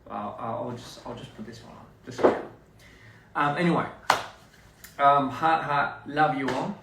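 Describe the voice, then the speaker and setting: A man's voice: mid-range voice, normal speed, noisy background. A young man, chatting casually to fans on a livestream, rambling with many restarts and fillers. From Australia. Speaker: performer talking to fans. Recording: roomy, somewhat distant phone audio.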